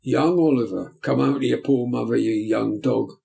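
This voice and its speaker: A man doing a gruff, bullying brute. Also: mid-range voice, normal speed. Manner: loud, gruff and threatening. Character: rough, bullying grown man.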